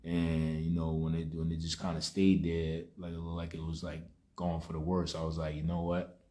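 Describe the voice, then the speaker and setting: A man's voice: rumbling low, monotone, moderate pace, dark tone. A young man speaking, telling a personal testimony in a rambling, subdued way full of "you know" fillers. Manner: subdued and reflective. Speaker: vlogger sharing a personal testimony. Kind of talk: casual spoken testimony.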